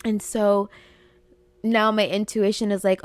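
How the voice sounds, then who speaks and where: An earnest young woman talks through a motivational podcast in a middle-pitched voice. She repeats herself for emphasis and slips into quick voices for her inner thoughts. The sound is close and dry, with no room around her. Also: fairly even intonation, dry recording. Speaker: podcast host and life coach. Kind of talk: motivational spiritual monologue.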